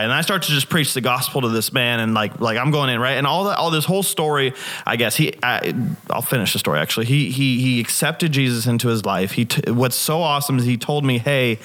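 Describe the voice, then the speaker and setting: A young man tells a personal story in a relaxed church chat. He is animated and talks loosely, full of fillers and restarts. His voice sits at an everyday middle pitch for a man. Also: normal speed. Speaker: church member sharing a testimony. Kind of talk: casual faith discussion.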